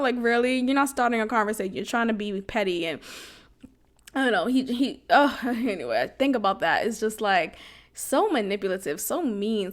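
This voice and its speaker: A woman's voice: on the high side, a bit bright. A young woman hosting a podcast, telling a personal story in a blunt, casual way with slang and frequent laughter. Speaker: podcast host.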